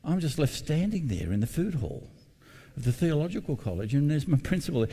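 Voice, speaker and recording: A man's voice: on the high side, sing-song, a little fast, warm tone, slightly rough, in a large hall. A middle-aged man preaching a sermon as pastor, earnest and personal, repeating his key points for emphasis. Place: church building.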